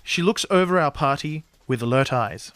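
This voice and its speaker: A man reading scripted fantasy narration in a measured storytelling manner. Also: on the high side, lively intonation, no room sound. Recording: narration over soft fantasy music.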